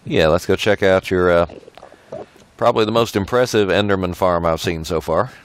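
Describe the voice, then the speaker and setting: Deep-voiced easygoing man host. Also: normal speed, a little hiss or hum. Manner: easygoing, asks questions, chuckles. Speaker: video host. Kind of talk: casual game tour chat.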